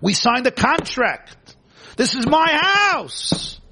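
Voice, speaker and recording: A man playing an exasperated parent who rants with indignation, his voice pitched high and strained. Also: sing-song, slow, noisy background, exaggerated voice. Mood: indignant. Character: exasperated shouting parent, middle-aged man.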